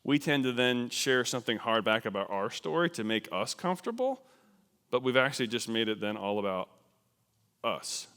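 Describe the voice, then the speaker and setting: A man's voice: mid-range voice, smooth. Man preaching in a reverberant church. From New Jersey, USA. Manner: conversational, animated, self-deprecating. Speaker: missions speaker. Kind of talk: sermon. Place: church sanctuary. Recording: long hall reverb.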